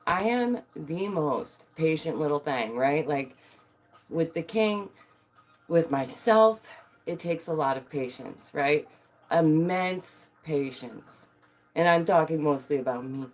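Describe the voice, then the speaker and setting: A woman's voice: low-pitched, lively intonation, a little slow. A woman chatting casually to her viewers in a bubbly, giggly, playful way, acting out quotes in dramatic little voices. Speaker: vlogger.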